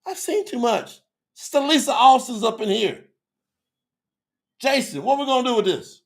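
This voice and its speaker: A middle-aged man teaches scripture to a live online audience. His voice sits high and carries a gravelly fry, and he moves between fervent shouts and hushed, intimate asides. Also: lively intonation, moderate pace. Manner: fervent, preacherly, big swings from loud to hushed.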